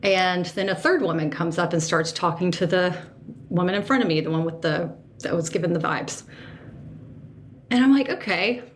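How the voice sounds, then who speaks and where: A woman hosting a podcast, telling a personal story in an animated, emotional way and second-guessing herself aloud. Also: on the low side, moderate pace, long pauses, a little hiss or hum. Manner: emotional, sensitive. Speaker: podcast host.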